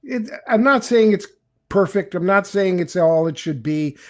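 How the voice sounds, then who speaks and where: A man's voice: high-pitched, animated, a little slow. An older man, a former congressman, discussing politics as a guest on a live stream, rambling with many restarts.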